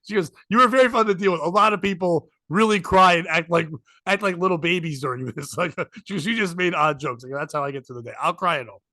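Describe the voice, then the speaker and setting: A man's voice: high voice, fast talker, no echo. A man chatting casually on a podcast, telling a story with lots of acted-out back-and-forth and self-mocking jokes. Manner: animated, self-mocking storyteller who acts out dialogue. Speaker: podcast co-host.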